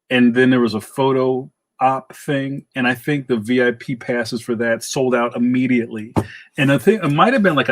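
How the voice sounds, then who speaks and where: A man with a New York accent hosting a casual livestream, chatting and reacting in an animated, slangy way. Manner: animated, slangy, jumps up in pitch when excited. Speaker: livestream host. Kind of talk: casual chat reading viewer comments.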